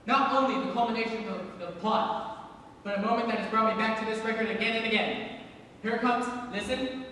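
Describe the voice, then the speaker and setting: Picture a young man acting out a lonely middle-aged theatre buff, chatty and confiding, his voice pitched very high. He is heard from far off in a booming, echoing school hall with a long reverb tail. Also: fairly even intonation, fairly quick, pushed and bright, a little hiss or hum. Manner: confiding, chatty asides to the audience. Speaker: stage actor. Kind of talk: school stage musical performance. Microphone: distant room mic.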